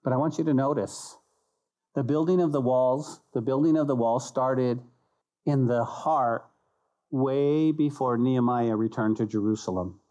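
A man, a pastor, preaching an animated sermon who acts out little voices and repeats key phrases for emphasis. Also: mid-range voice, measured pace, low-quality recording. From United States.

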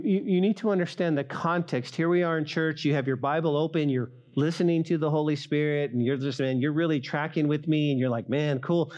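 A middle-aged male pastor preaching a sermon, speaking straight to the congregation and rising loud for emphasis. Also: mid-range voice. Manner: acts out quoted voices of listeners.

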